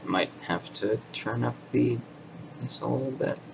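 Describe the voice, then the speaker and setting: A man's voice: mid-range voice, moderate pace, creaky. A man giving casual commentary while playing a video game, rambling hesitantly with lots of fillers. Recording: distant mic with noise.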